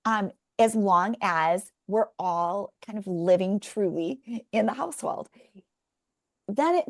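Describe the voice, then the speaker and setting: A middle-aged woman guest on a parenting podcast, telling animated stories from her own family in a conversational interview. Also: mid-range voice, gravelly, no echo, clean studio sound. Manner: animated storyteller, talks through examples.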